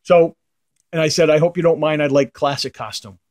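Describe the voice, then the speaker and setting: A man's voice: fairly high pitch, steady tone, a little fast, darkish tone. A middle-aged man, a comic art collector, casually telling a rambling anecdote to the camera, his voice trailing off into mutters at the ends of phrases.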